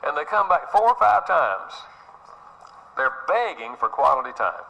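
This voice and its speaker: This middle-aged parenting speaker has a fairly high, creaky, bright voice with big swings in pitch and a forceful tone, pacing himself a little slowly. His talk is earnest and sermon-style, full of repetition and acted-out quotes, and the highs in the audio are cut off.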